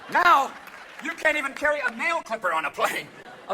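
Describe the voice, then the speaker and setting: A man performing live stand-up comedy, manic and shouting, jumping between quick impressions. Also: very high-pitched, lively intonation, crowd noise. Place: theater stage. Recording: live theater with a laughing audience and noise.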